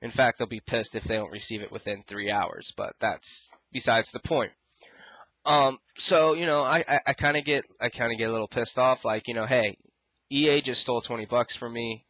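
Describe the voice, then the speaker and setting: A man's voice: mid-range voice, normal speed, a bit bright, highs cut off. A young man vlogging casually about a customer service hassle, rambling and frustrated, acting out both sides of the calls. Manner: frustrated, rambling, quotes others in exaggerated voices. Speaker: gaming YouTuber. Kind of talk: casual ranting vlog.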